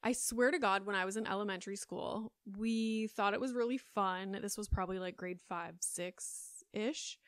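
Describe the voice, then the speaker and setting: A woman's voice: medium pitch, normal speed, hardly any pauses, a bit bright, no echo. A woman in her thirties hosting a solo podcast, chatting in a rambling way with lots of fillers, close on the mic. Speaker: podcast host. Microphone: close studio mic.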